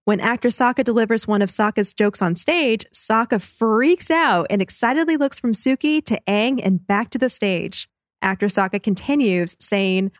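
A woman co-hosting a podcast, recapping an episode in a brisk, cheerful way. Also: medium pitch, dry recording, studio quality. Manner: brisk recap, laughs easily. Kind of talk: casual chat and episode recap.

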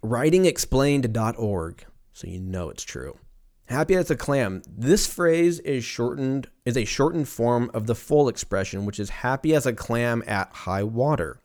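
A young man riffs through a rambling comedic monologue, cursing freely and dropping into quick goofy voices for imaginary people. His pitch swings all over the place as he talks. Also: lively intonation, darkish tone. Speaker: podcast host.

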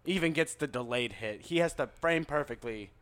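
A man's voice: mid-range voice, moderate pace. A young man co-hosting a casual video game podcast, ranting animatedly with plenty of swearing and jokes. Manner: animated, profane, jokey rants. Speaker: podcast co-host. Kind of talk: casual chat.

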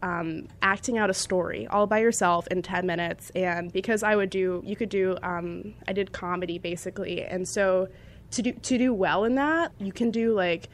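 A young adult woman chats casually about her creative background, telling stories with lots of energy and laughing often. Her voice is medium-pitched and her speed is normal, with an animated, chatty delivery.

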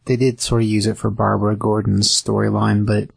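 Man, fairly low voice, gravelly, husky, dry close sound, casual asides. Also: flat delivery, brisk, no echo. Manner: chiming in with short agreements and asides. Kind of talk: casual chat.

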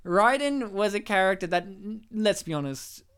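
A man with a rather high voice co-hosts a loose, casual chat. He rants with emphasis and swears freely, pushing his point over the others. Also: animated, moderate pace, a bit bright, clear, resonant tone. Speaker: podcast co-host.

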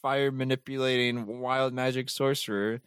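A man calmly introducing himself as a tabletop game player on a podcast. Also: mid-range voice, normal speed, smooth, dry recording, studio quality.

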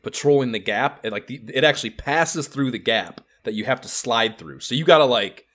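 A man co-hosting a casual podcast chat, animated and profane, rambling as he talks. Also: medium pitch, a little fast. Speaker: podcast co-host.

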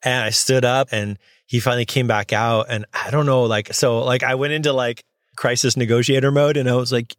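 A man in his thirties telling a work story as a notary, casual and animated, acting out the voices with lots of fillers and laughs. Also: medium pitch, fairly quick, dry recording, clean studio sound.

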